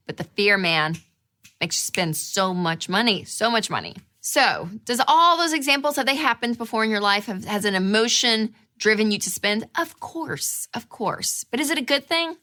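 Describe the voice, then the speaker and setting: Lively, bright-voiced woman host. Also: moderate pace. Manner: animated, acts out inner voices with big pitch jumps. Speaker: show host. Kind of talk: casual talk to camera.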